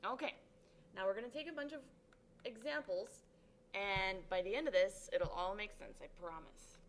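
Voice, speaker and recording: A woman's voice: medium pitch, normal speed, a little hiss or hum. A woman tutor giving a lesson, upbeat and encouraging, stretching out syllables dramatically to show stress. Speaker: Spanish tutor. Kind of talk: classroom lesson.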